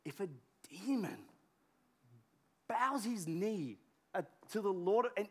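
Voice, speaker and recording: A pastor preaching a sermon in a conversational way, full of fillers and restarts, dropping to a hush and rising to a shout. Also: male voice, high-pitched, lively intonation, slow pace, long pauses. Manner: conversational, many filler words and restarts, swings from hushed to shouting.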